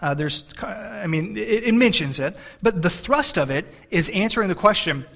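A man's voice: high voice, animated, normal speed, vocal fry, fairly bright tone. A man in his thirties, a pastor delivering a sermon in an earnest, conversational way with frequent restarts.

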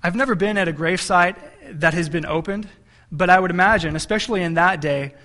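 This pastor's sermon comes in a high, pushed, bright voice at a fairly quick pace. His delivery is conversational and story-driven, full of restarts, repeated words, and remarks aimed at the congregation.

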